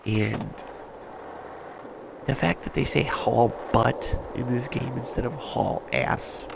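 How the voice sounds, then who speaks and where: A man streams over a headset, his voice deeply gravelly and congested from a cold. He rambles in a frustrated, foul-mouthed rant. Steady background noise sits under his voice. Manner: rambling, frustrated, swears freely. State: stuffed up, just woke up. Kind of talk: casual gaming stream rant.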